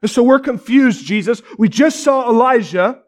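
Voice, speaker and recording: A male pastor preaching a sermon with dramatic storytelling, often dropping to a near-hush for weight. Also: very high voice, expressive, moderate pace.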